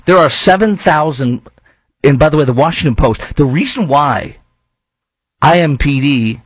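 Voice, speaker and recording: A man's voice: on the high side, animated, moderate pace, husky, no room sound, rough recording. A man with a Chicago accent hosting a talk radio show, delivering a rambling, opinionated monologue and arguing with imagined objections.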